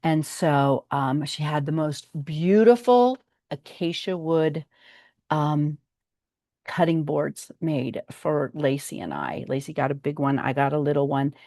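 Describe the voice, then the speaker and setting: An older woman with a low voice talks to her viewers in a casual vlog update. She rambles from one thing to the next and fills pauses with ums. The sound is close and dry, with no room echo. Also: warm tone. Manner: chatty and meandering, with frequent ums. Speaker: vlog host.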